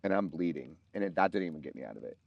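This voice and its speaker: A man co-hosting a podcast, telling a personal story in casual chat, often halting and restarting mid-sentence. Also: low-pitched, lively intonation, gravelly, no echo, dull audio.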